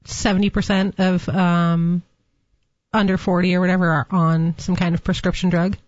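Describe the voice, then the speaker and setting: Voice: medium pitch, flat delivery, normal speed, no room sound. A co-host on a call-in radio talk show making brief, matter-of-fact remarks. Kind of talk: casual radio chat. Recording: dull dry studio sound.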